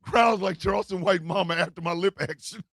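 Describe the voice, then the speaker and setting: A man hosting a live stream show, telling animated, profane jokes in a casual rant. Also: sits high, a little fast, gravelly, dry recording, clean studio sound. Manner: animated, joking, profane storytelling. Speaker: host.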